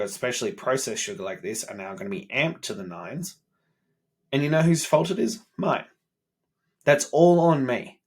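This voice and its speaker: Man, 30s; candid, profane self-improvement vlogger talking to camera. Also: mid-range voice. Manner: blunt and profane, self-critical. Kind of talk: candid personal monologue.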